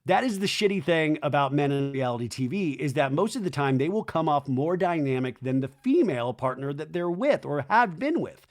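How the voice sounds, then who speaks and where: A male podcast host chatting through a reality-TV recap in an animated, gossipy way. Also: fairly high pitch. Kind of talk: casual reality-TV recap commentary.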